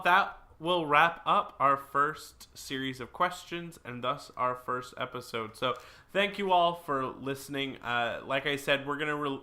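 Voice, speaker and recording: A man's voice: fairly high pitch, bright, forceful tone. A man hosting a casual advice podcast about tabletop games, laughing easily and closing out the episode. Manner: laughs easily, wraps up the show. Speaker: podcast host.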